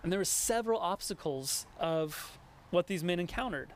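A man preaching a sermon in an animated way, often stopping and restarting and acting out imagined conversations. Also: sits high, normal speed, a little hiss or hum. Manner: animated, acts out imagined dialogue with many restarts.

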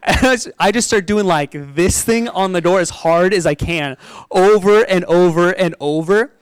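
High, clear-voiced young preacher. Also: male voice, moderate pace, no room sound, poor audio. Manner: animated, chatty storytelling with frequent "like" and laughter. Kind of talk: sermon with personal storytelling.

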